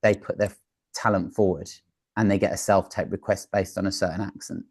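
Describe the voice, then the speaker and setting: Male interview guest: earnest industry advice, slightly low voice, dry close sound. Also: fairly even intonation, fairly quick, gravelly, darkish tone, slightly rough, no room sound. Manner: earnest, advisory, with frequent fillers and restarts. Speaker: talent manager and producer, interview guest. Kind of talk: casual interview answers.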